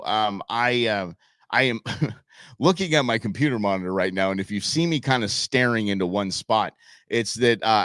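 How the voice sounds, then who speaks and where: A man's voice: lowish voice, no echo, clean studio sound. A middle-aged man hosting a live outdoors show from his desk, telling stories in a casual monologue and acting out what people said. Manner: animated storyteller acting out quotes. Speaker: show host. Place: home studio at a computer.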